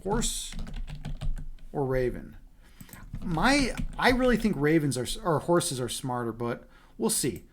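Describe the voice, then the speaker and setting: A man's voice: on the high side, animated, slow, pauses often, a little hiss or hum. A man livestreaming, reading a fairy tale aloud and chatting with viewers in a rambling way, repeating his words.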